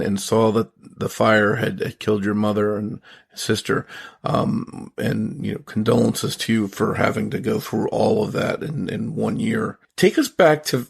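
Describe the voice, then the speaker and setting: Low, husky male interviewer. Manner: hesitant, repeats words while asking. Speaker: podcast host. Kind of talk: interview questions.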